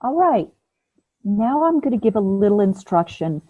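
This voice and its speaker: A woman teaching a breathing class over a video call, calm and patient, demonstrating the breaths aloud. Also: mid-range voice, moderate pace, dry recording. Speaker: ayurveda and yoga teacher. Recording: phone-like, narrow band.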